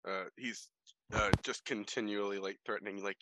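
A man's voice: lowish voice, fairly even intonation, moderate pace, a bit bright, a little hiss or hum, rough recording. A man playing in a tabletop role-playing game, talking hesitantly with many fillers. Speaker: player. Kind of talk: casual tabletop play.

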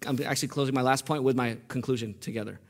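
A male pastor preaching a sermon, quizzing his congregation with questions and building to loud, impassioned peaks. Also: medium pitch, fairly even intonation, rapid-fire. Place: church.

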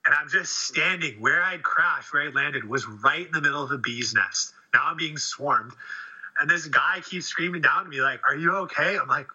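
A man in casual chat, telling a story in an animated way and swearing freely. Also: on the high side, moderate pace, slightly rough. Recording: dull lo-fi sound.

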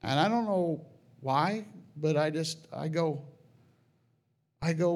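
A man sharing a personal religious testimony about a dream, in an earnest, halting way with frequent restarts, sometimes rising high and loud with feeling. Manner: rises high and loud at emotional peaks.

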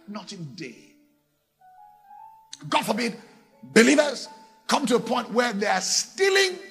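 Male pastor, sermon; gravelly, theatrical, swings high and low. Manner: animated, theatrical, acting out little voices.

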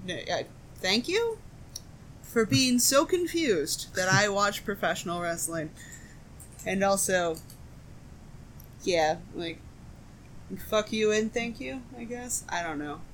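A woman from the Midwest, co-hosting a podcast, telling stories in a casual, profane, animated way. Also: mid-range voice, a little slow, slight background noise. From American Midwest. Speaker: podcast co-host. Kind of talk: casual chat.

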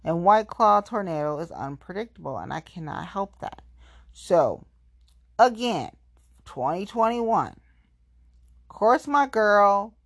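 A woman venting in a casual, profane monologue, with sudden jumps up in pitch when she gets heated. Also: very animated, slow pace, long pauses, no echo, clean studio sound.

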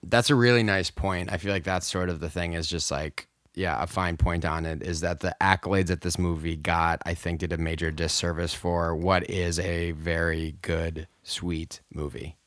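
A man co-hosting a film podcast, talking earnestly and haltingly with many restarts. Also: deep voice, steady tone, fairly bright tone, no echo, studio quality. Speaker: podcast co-host. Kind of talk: casual podcast chat.

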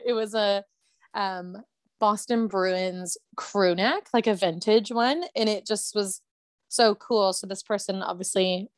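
A woman's voice: mid-range voice, fairly even intonation, slow, no echo. A woman co-hosting a casual chat podcast, gushing and giggly. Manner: gushing, giggly, says "oh my God" a lot. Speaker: podcast co-host.

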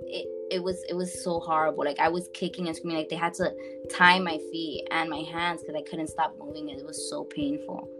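A young woman casually telling a personal story to a friend on a podcast, animated and full of fillers, calling her listener "girl". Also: low-pitched, brisk, over music.

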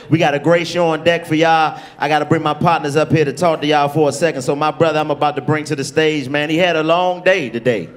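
A man hosting a comedy show and hyping up the live crowd from the stage. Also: fairly high pitch. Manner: hype-man, calling out to the crowd. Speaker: host introducing comedians.

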